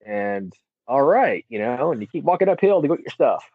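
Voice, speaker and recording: A man chatting casually about running marathons, telling stories with lively energy and acting out the voices of people he met. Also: medium pitch, fairly quick, breathy edge, no echo. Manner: animated storyteller, acts out quoted voices. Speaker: marathon runner guest. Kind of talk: casual chat. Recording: tinny phone-like line.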